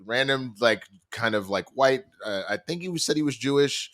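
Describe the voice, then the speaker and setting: A man's voice: mid-range voice, normal speed. A man hosting a casual TV review chat, animatedly retelling scenes and swearing freely. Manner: animated storytelling, acting out quoted dialogue. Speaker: show host and critic.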